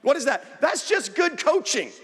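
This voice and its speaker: High-voiced preacher in a reverberant church hall. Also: male voice, very animated, normal speed, a bit bright. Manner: earnest preaching with acted-out asides. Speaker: pastor. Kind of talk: sermon. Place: church sanctuary.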